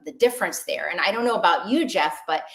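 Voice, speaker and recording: A woman doctor giving an online webinar talk in a lively, conversational way, asking the audience questions. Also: lowish voice, fast, creaky.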